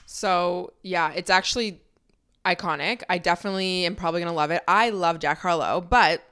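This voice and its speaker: A young woman with a fairly low, slightly bright, clear and resonant voice hosts a podcast from home, filming for video on a studio microphone. She chats casually and candidly at normal speed, using "like" constantly, with soft music in the background.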